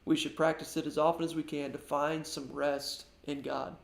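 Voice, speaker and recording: A male pastor delivers an earnest devotional sermon, his fairly high voice edged with gravelly fry. He often restarts and repeats words as he talks. The sound carries a noticeable echo from the room around him. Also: level tone, moderate pace.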